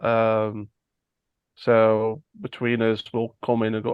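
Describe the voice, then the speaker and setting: A man with a gravelly, fry-laden voice at a middle pitch talks loosely and rambles, with dry, sarcastic humor. The sound is dull and dry, with no room around it. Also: completely flat delivery, a little slow, no room sound. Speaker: band member. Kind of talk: casual interview chat.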